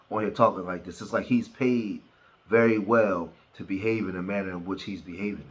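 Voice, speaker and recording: A male commentator speaking with indignation, often restarting and pausing with fillers. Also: lowish voice, a bit bright. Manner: indignant, stumbling over words, with frequent fillers.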